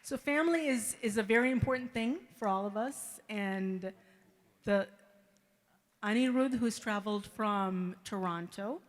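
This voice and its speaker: A middle-aged woman, the bride's mother, giving an emotional wedding reception speech, halting and repeating words as she thanks the guests. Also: medium pitch.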